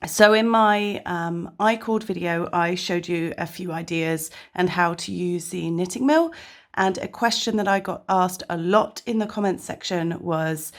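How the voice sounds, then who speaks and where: Croaky woman hosting a craft tutorial. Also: lowish voice. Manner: chatty, self-deprecating. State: croaky voice from tonsillitis. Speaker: crafting channel host. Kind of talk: casual tutorial narration.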